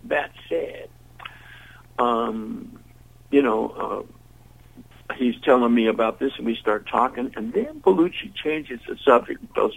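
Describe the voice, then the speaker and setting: An older man, a musician and interview guest, telling a long anecdote in a lively way and acting out the voices of the people in it. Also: medium pitch, a little slow, gravelly, long pauses, slightly rough, poor audio. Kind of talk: storytelling in an interview.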